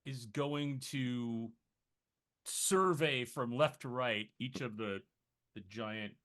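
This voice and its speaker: A man with a mid-range voice playing a tabletop game, stopping and restarting as he talks through his character's move. He sounds unhurried and unsure, filling pauses as he goes. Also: medium pitch, a bit bright. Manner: halting, many fillers. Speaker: player. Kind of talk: casual tabletop game play.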